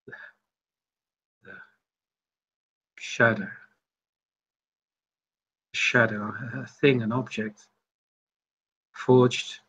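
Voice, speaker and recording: A man voicing a haunted, raving woman vampire, in a hushed, halting, broken mutter on a dull lo-fi recording. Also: medium pitch, slightly rough, heavily acted.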